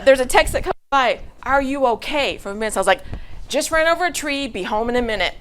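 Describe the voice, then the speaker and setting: There's slight background noise as a middle-aged woman tells her congregation a story. She talks casually, laughing, using fillers and starting over at times, in a mid-range voice that sounds pushed and bright.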